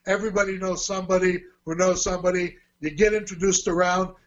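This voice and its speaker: A man's voice: high-pitched, level tone, fast, lo-fi sound. A man, a martial arts teacher and fight promoter, telling his story in an interview in a chatty way with restarts. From Australia. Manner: chatty, with restarts and quoted dialogue.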